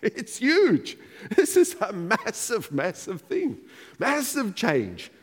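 Animated pastor preaching in a reverberant hall. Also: male voice, high-pitched, slow. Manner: animated, emphatic, repeats key phrases. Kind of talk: sermon.

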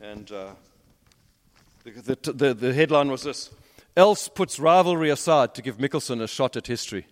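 A man preaching a sermon, telling stories and swinging between emphatic rises and low, quiet drops. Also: moderate pace. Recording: long hall reverb.

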